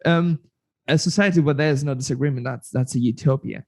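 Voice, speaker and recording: A man's voice: medium pitch, a little fast, darkish tone. A man hosting a podcast in a casual, enthusiastic chat, laughing a lot. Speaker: podcast host. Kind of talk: casual conversation.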